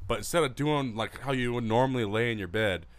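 A young man co-hosting a casual podcast, telling profane, animated stories. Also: mid-range voice, brisk. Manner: crude, profane, animated storyteller. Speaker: podcast co-host.

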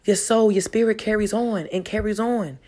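A woman speaking delivers a casual motivational monologue. She is emphatic and profane, circling back to the same phrases again and again to press them home. Her voice sits at an ordinary middle pitch. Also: fairly even intonation, normal speed, dark tone. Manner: profane, emphatic and preachy, with much repetition. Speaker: vlogger.

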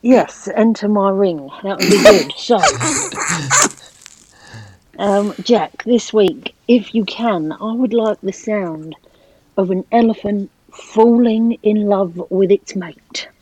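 A man, a regular on a comedy show, telling absurd stories in a deadpan way. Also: high voice, slow pace, a little hiss or hum, rough recording. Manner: deadpan, dry. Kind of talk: deadpan comic banter.

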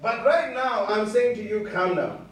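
A man's voice: high voice, very animated, unhurried, slight background noise. Male preacher, earnest, stammering restarts, distant mic, big reverberant hall. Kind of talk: sermon. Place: church hall. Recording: echoey hall from far off.

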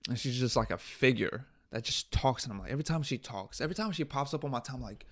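A man's voice: medium pitch, expressive, quick pace, hardly any pauses, a bit bright. A man hosting his own podcast, talking bluntly and profanely in a casual, exasperated rant. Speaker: podcast host.

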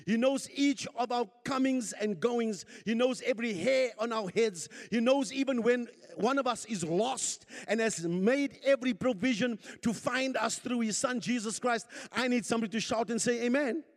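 A pastor preaching a sermon, leading his congregation in call and response and climbing to shouts at the peaks. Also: extremely high pitch, normal speed, few pauses. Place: church hall. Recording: long hall reverb.

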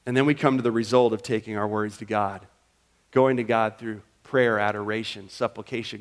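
A man's voice: fairly low pitch, steady tone, a little fast. A man pastor preaching a sermon in a church, emphatic and acting out prayers and quoted talk.

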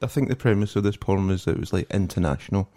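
Brief: low-pitched English man, casual podcast co-host, amused storyteller, dry mic. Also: fast, mellow, no room sound. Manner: amused, laughs while telling stories. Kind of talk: casual banter.

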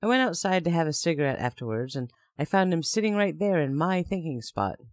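A man narrating a first-person story in a steady, plain way. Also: a little high, fairly quick, dry recording, studio quality.

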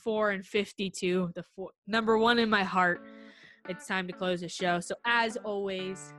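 A young woman co-hosting a casual sports podcast, talking in an animated, emotional way as a frustrated fan. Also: medium pitch. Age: young adult. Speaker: podcast co-host.

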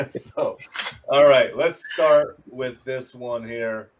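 A man hosting a casual sports show in a mid-pitched voice, walking through plays step by step. He stumbles over repeated words and swears casually. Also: extremely slow, slight background noise. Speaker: host.

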